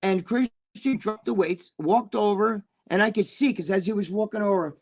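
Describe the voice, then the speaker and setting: A man's voice: high-pitched, normal speed. A man telling stories as an interview guest in a loose, profane, rambling way, full of restarts. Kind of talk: casual storytelling.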